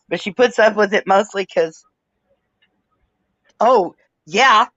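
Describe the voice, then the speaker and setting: A woman's voice: mid-range voice, slow pace, a bit bright, no room sound. A woman hosting a casual livestream chat, talking bluntly with plenty of swearing and easy laughter. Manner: blunt, profane, laughs easily. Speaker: livestream host. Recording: dull dry lo-fi stream audio.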